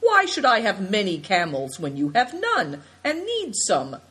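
A woman voicing an earnest, generous old herdsman in a storybook reading, raising her pitch for him. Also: wildly swooping pitch, unhurried, fairly bright tone, husky, full character voice. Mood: insistent. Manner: earnest, insistent.

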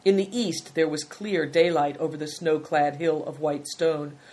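A woman narrating a children's adventure story in a calm, measured reading. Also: low voice.

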